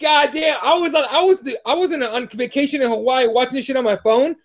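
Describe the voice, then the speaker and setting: A podcast host runs a casual talk show, laid-back and chatty as he retells events and reads comments aloud. He talks fast in a voice notably high for a man and swears freely.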